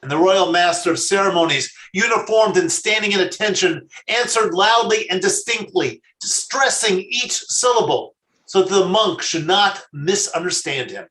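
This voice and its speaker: A man, a rabbi, telling a story in a sermon, measured and slowing down for emphasis. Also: sits high, expressive, bright, forceful tone. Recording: echoey room.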